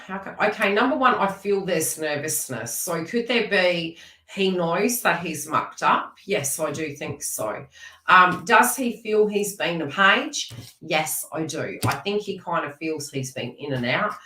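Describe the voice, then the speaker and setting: A woman's voice: lowish voice, lively intonation, unhurried, bright, forceful tone, roomy sound, distant mic, slight background noise, low-quality recording. A woman giving a live tarot reading, chatty and teasing as she talks to viewers by name. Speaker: tarot reader.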